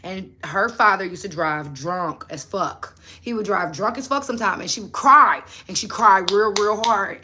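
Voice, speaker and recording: A woman's voice: medium pitch, moderate pace, few pauses, bright, forceful tone, slightly rough. A woman, hosting a casual motivational livestream. She preaches and talks in slang, firing direct questions at her viewers.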